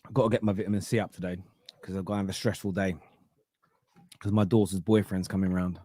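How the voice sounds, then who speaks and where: A man in his thirties hosting a casual football chat, animated and laughing often, repeating words for emphasis. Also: low voice, fast, dry recording. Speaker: football podcast host. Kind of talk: casual live-stream chat reading comments.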